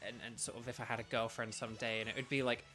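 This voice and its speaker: A man's voice: medium pitch, flat delivery, racing, pushed and bright, soft background music. A young British man chatting casually while streaming a video game, rambling with lots of ums and restarts. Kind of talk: casual live-stream chat.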